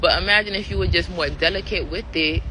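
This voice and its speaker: A woman's voice: on the low side, a little fast, bright, forceful tone, poor audio. Woman musing aloud over background noise. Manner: conversational, full of fillers and "right?" check-ins. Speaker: vlogger. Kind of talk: casual reflective monologue.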